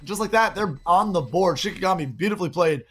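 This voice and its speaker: A man calling live esports play-by-play, excitable, with quick exclamations and frequent laughs. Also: high voice, husky.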